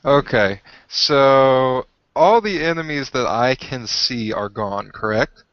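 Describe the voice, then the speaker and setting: A man playing a tabletop game, easygoing, with hammy in-character shouts. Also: mid-range voice, expressive, slow, dry recording. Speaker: player. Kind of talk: casual tabletop play. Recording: muffled, dry home recording.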